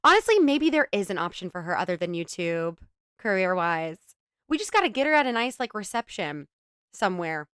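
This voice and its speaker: Young woman, reaction host, snarky and profane, smooth clear voice, close and dry. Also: medium pitch, very animated, a little fast, fairly bright tone, no echo. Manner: sarcastic, swears freely, giggly. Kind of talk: commentary reacting to a clip.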